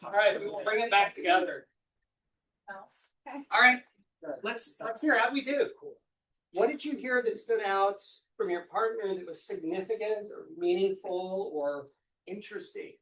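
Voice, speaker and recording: A man leading a real estate team meeting, upbeat and quick with praise, often repeating himself. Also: sits high, bright, forceful tone. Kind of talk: group meeting, leading a sharing round. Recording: echoey room, mic far off.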